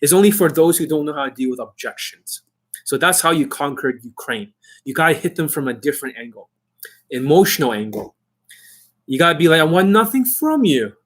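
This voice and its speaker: A man delivering a blunt, emphatic instructional monologue as a dating coach. His voice sits a little higher than most men's, and he states his points flatly and with certainty. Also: fairly quick.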